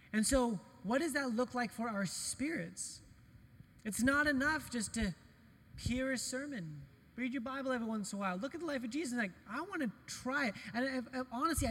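Middle-aged male pastor, lively storytelling sermon, light on himself; higher voice, big hall reverb. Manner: animated, storytelling, self-deprecating humor. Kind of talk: conversational sermon with personal stories.

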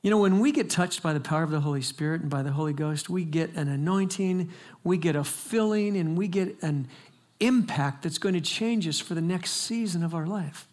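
A man's voice: fairly high pitch, fairly quick. A man preaching a sermon as pastor, telling stories in a conversational way and building to emphatic exhortation.

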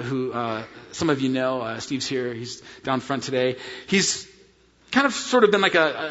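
A man's voice: medium pitch, a bit bright. Earnest preaching pastor, man, long hall echo. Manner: earnest, storytelling preacher addressing congregation as friends. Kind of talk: sermon. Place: church sanctuary. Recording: dull sound in a reverberant church hall.

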